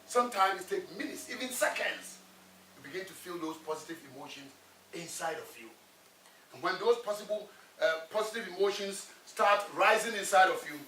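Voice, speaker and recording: A man's voice: sits high, sharp tone, distant mic. A man giving a motivational talk to students, emphatic and repetitive, firing questions at his audience. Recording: echoey room, voice from afar.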